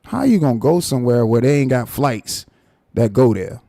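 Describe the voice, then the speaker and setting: A man rants on his live stream, mocking and animated. His voice is dark and gravelly. The sound is dry and close. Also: medium pitch, normal speed, dry recording. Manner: animated, mocking, repeats himself. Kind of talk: casual commentary rant.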